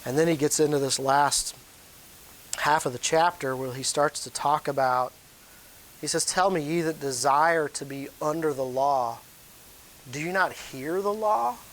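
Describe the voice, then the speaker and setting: A man preaching a sermon in a church, talking loosely and warmly to the congregation, with sudden loud rises in his voice. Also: a little high, steady tone, moderate pace, slight background noise, low-quality recording. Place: church sanctuary.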